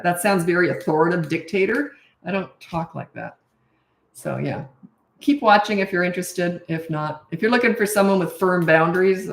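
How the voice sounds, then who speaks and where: A woman in her sixties, a parenting coach, answering viewer questions in a blunt, emphatic and opinionated way. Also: lowish voice. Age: 60s. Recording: echoey room.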